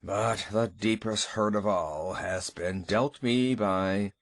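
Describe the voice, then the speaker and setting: A man voicing a domineering, very old family patriarch in an audiobook, speaking in a deep, portentous monotone. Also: takes it slowly, vocal fry, dry recording. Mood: pompous. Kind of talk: audiobook character voice.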